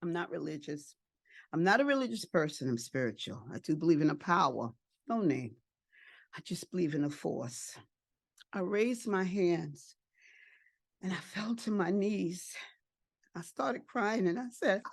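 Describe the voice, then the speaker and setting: Animated older woman telling her story. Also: lowish voice, a little slow, gravelly, no echo. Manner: emotional, animated retelling with repeated phrases and acted-out quotes. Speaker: adoptive and foster parent sharing her story. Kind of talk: personal storytelling at a family support event.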